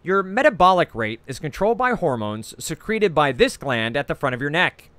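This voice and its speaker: A man with a New Jersey accent hosting a trivia quiz over a video call, reading each clue twice and scoring answers in a brisk, chatty way with frequent "uh"s. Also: a little high, sing-song, a bit bright, no room sound.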